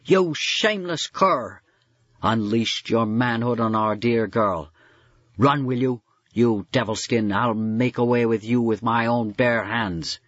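A man's voice: medium pitch, slow pace, a bit bright, dry recording, lo-fi sound. A man voicing a fisherman's wife who shrieks threats at the man she blames for hurting her daughter. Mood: furious.

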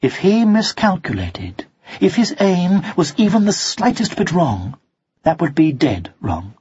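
A narrator reading a children's storybook aloud in a slow, expressive way, on a dull lo-fi recording. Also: medium pitch, slightly rough. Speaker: audiobook narrator.

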